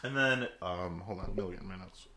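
A man co-hosting a casual chat, swearing freely and jumping up high for exclaimed quotes. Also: normal speed. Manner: animated, profane, swoops into high exclaimed quotes. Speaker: podcast co-host.

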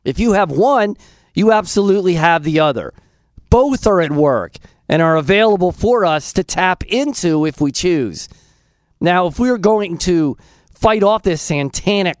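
A man's voice: sits high, dry recording. A man hosting a Christian call-in radio show, preaching earnestly and chuckling at his callers. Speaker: radio host.

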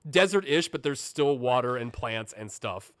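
A man's voice: medium pitch, expressive, moderate pace, fairly bright tone, no room sound, studio quality. A man co-hosting a podcast in casual, rambling chat, joking and laughing often. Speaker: podcast co-host and editor.

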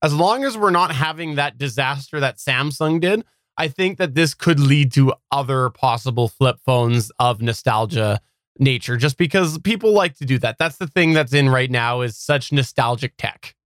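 Wry, measured man on a dry mic. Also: mid-range voice, animated, fairly bright tone, no echo. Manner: measured, wry analysis with some hesitations. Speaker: tech podcast co-host. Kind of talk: casual podcast chat.

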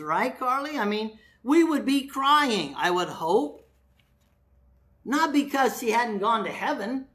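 A pastor delivers an earnest sermon to his church, and his voice has a bright, forceful edge. He keeps turning to the congregation with rhetorical questions. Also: very high voice.

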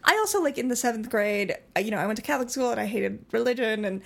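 A woman's voice: a little high, lively intonation, quick pace, creaky, a bit bright. A woman from the United States, co-hosting a podcast, chatting casually with lots of "like" fillers. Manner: chatty, many "like" fillers, laughs. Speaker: podcast co-host. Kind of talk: casual conversation.

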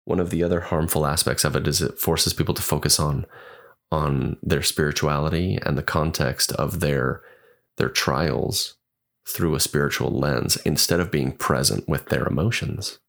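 A man's voice: rumbling low, fairly even intonation, normal speed, gravelly, a bit bright. A man hosting a solo podcast, talking in an earnest, thoughtful way and often restarting his sentences. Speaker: podcast host.

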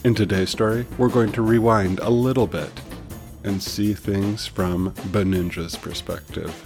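Low-voiced man narrating a story. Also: steady tone, unhurried, gravelly. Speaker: host and narrator. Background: music.

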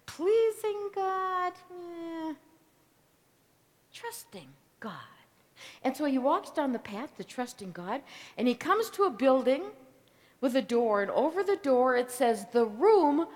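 A woman preaching a sermon as a story, swinging between loud declarations and hushed whispers. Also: a little high, sing-song, unhurried. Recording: long reverb of a large hall.

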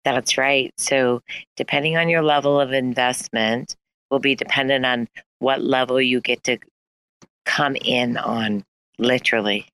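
A man's voice: medium pitch, fairly even intonation, measured pace, pushed and bright, clean tone, dry recording, rough recording. A man playing a slick corporate spin doctor. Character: smooth-talking chief marketing officer of a dodgy company. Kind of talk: improvised comedy role-play in a live audio chat.

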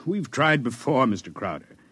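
An actor playing a cautious, deferential chief engineer in a 1950s radio drama, polite and a little hesitant. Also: male voice, mid-range voice, big pitch swings, moderate pace, a bit bright, breathy edge, no room sound. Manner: polite, says sir often, hesitant.

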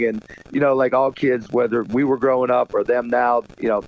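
A man's voice: medium pitch, steady tone, a little fast, highs cut off, slight background noise. A middle-aged man, a guest on a chat show, telling family stories in a loose, laughing way with lots of fillers. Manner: chatty storyteller, laughs often, many fillers. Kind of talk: casual radio chat.

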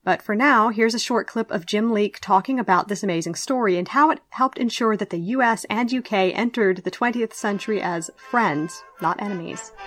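A woman's voice: mid-range voice, moderate pace, few pauses, faint music behind. A young woman with a neutral American accent and a slight Southern twang, speaking as a guest history writer in an interview, articulate and earnest. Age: young adult. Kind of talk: conversational interview, partly reading a prepared intro.

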